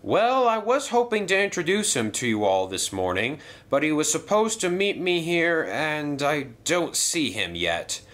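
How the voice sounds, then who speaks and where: A man's voice: on the high side, sing-song, measured pace, few pauses, fairly bright tone, pitched above the performer's own voice. A man voicing a formal, authoritative older male railway boss in a toy train story.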